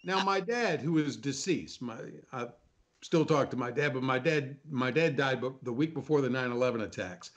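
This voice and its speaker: An older man in casual chat, telling animated anecdotes and acting out the people in them. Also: mid-range voice, normal speed, highs cut off. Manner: animated anecdote teller, acts out quoted voices. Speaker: panel guest.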